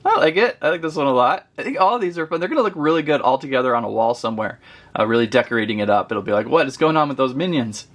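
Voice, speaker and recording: A man's voice: medium pitch, very fast, a bit bright. A man chatting his way through a casual toy unboxing review, rambling and easily amused.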